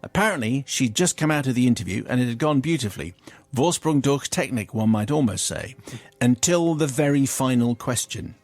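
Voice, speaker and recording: A man's voice: medium pitch, lively intonation, brisk, darkish tone, dry recording, faint music behind. A middle-aged male radio host reading a listener's letter aloud in a wry, theatrical way. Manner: wry and theatrical, breaking into laughter.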